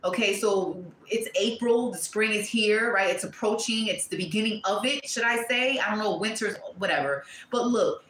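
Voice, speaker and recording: A woman's voice: medium pitch, moderate pace, few pauses, roomy sound, a little hiss or hum, poor audio. Blunt, cussing woman reading tarot. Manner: blunt, profane and animated, with sudden exclamations and quieter asides. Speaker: tarot reader.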